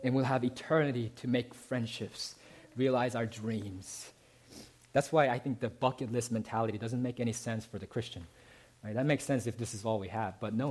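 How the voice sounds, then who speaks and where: Man preaching with emphatic peaks. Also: husky. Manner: rising to emphatic peaks, then dropping soft and low; asks the crowd "right?" often. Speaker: pastor. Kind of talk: sermon.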